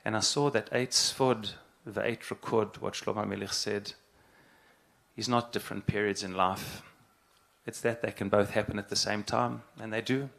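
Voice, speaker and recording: A middle-aged man, a rabbi, giving an earnest, halting spoken address and repeating phrases for emphasis. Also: on the low side, steady tone, gravelly, fairly bright tone.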